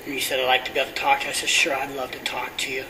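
A middle-aged pastor telling a story in a sermon, often sinking to a hushed near-whisper. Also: male voice, mid-range voice, rapid-fire. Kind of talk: sermon testimony. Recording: distant mic with steady air conditioning hum.

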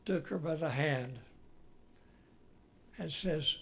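A man with a high-pitched, creaky voice preaches a sermon in a folksy, storytelling manner. He speaks slowly, rising dramatically whenever he quotes.

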